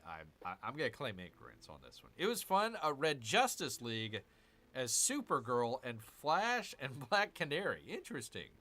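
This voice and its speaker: Male gaming host, animated pitch, chatty with his viewers while he plays. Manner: chatty, answers viewer chat while muttering over his moves. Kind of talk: casual let's-play commentary.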